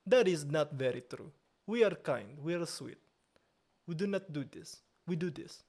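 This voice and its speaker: A young Italian man hosts a live stream, chatting casually with viewers in playful mock outrage and a slow, drawn-out delivery. His voice is a little high and husky, with lively intonation and a darkish tone.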